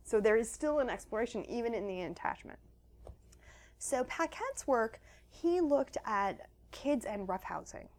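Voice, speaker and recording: Woman guest, author, slightly high voice, animated explainer. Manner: animated, acts out quoted children's voices. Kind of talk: conversational interview. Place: home.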